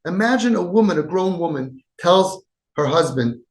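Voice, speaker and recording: Male podcast host, slightly high voice, emphatic advice talk, echoey room. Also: lively intonation, moderate pace. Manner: emphatic, acts out quoted dialogue, swings between loud and soft.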